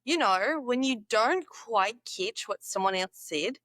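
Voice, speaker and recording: Goofy woman drilling slang, high voice. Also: expressive, slow, fairly bright tone, dry recording. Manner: goofy, repeats words over and over, giggly. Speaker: vlogger. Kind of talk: playful casual vlog, practising slang.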